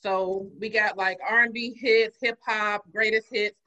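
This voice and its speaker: A woman hosting a casual podcast chat, telling stories with loud swearing and laughter. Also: mid-range voice, fairly even intonation, a little slow, low-quality recording. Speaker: podcast host.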